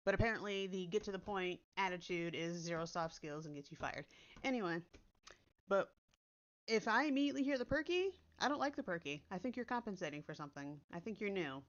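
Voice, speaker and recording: In a lowish, animated voice at a brisk clip, a woman content creator chats casually, direct and blunt, with casual swearing. The dull, lo-fi sound comes from using her computer's built-in mic rather than her regular microphone.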